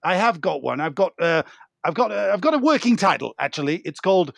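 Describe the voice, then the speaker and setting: A man's voice: sits high, big pitch swings, brisk, vocal fry, dry recording, studio quality, exaggerated voice. A man playing a pompous, rambling author being interviewed in an improvised comedy. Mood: smug. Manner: rambling, self-satisfied improv guest. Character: pompous male author of a train murder novel.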